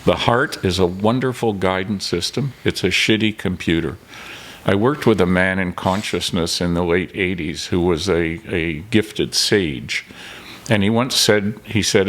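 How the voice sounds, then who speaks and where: Low-voiced older man telling a story. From Canada. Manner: animated storyteller, acts out dialogue. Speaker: podcast guest, filmmaker. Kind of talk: storytelling in casual interview.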